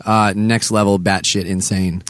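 A man's voice: lowish voice, flat delivery, a little slow, a bit bright, dry recording. A man in a backstage dressing room, joking and teasing his bandmate in casual banter. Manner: joking, teasing, laughs often. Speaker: band member hosting a backstage chat.

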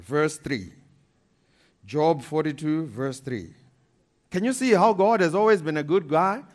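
High-voiced man preaching emphatically. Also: measured pace. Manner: animated, emphatic preaching with laughs and repetition. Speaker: pastor. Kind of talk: sermon.

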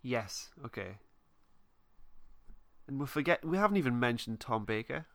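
A man co-hosting a casual podcast, recapping a plot in a relaxed way and often trailing off with vague wrap-ups. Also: medium pitch, normal speed, creaky. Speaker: podcast co-host. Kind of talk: casual fan podcast chat.

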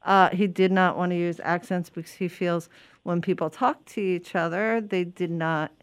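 Smooth-voiced woman hosting an interview. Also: on the low side, steady tone, moderate pace. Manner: friendly, encouraging questions. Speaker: interview host. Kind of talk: casual interview.

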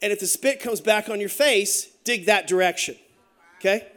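A middle-aged man preaching a sermon as pastor, telling stories with joking asides in an animated way. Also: high-pitched, normal speed.

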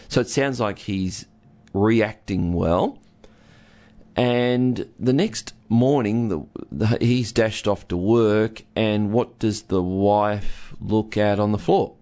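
A man with a low, gravelly voice talks slowly and unhurriedly. He counsels couples and explains listening through a homely story, acting out the husband and the wife as he goes. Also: a little mellow. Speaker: relationship counsellor. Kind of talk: casual teaching talk with a co-host.

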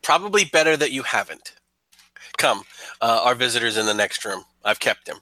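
Casting: man doing a gracious old retired commander, bright-toned, dry and close. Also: mid-range voice, lively intonation, moderate pace, no echo, low-quality recording. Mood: hospitable. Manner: polite, formal welcoming speech. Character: old retired male commander, courteous and hospitable.

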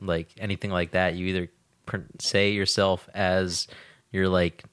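A man's voice: low-pitched, level tone, a little slow, fairly bright tone, clean tone, no echo, studio quality. A young man in casual, crude podcast chat, talking loosely with many fillers.

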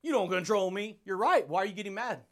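A man's voice: sits high, expressive, quick pace, fairly bright tone. A man hosting a motivational podcast, talking in a hyped, laughing monologue that keeps calling the listener dude, buddy and baby.

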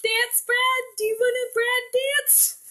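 A woman's voice: very high-pitched, steady tone, slow, sharp tone, faint music behind, full character voice. A woman playing a stammering lovestruck teen girl. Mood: nervous. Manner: flustered, stammering, giggly. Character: nervous lovestruck teenage girl. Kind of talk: improv comedy scene.

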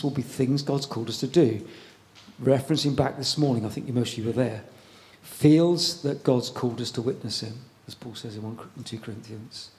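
A man's voice: mid-range voice, a little mellow. Conversational male preacher. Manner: conversational, pausing, repeats words. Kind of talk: sermon.

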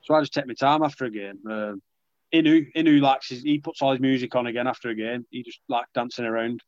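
The young rugby league player speaks quickly at a medium pitch, with no echo in the dry, dull recording. Chatty and self-deprecating in this casual interview, he restarts his sentences a lot.

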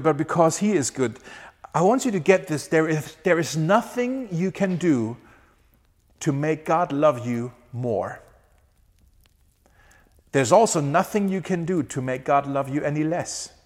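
A man preaching a sermon in an earnest way, often slowing down on key words and laughing now and then. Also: fairly high pitch, in a large hall. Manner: earnest, varies pace for emphasis, laughs often. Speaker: pastor.

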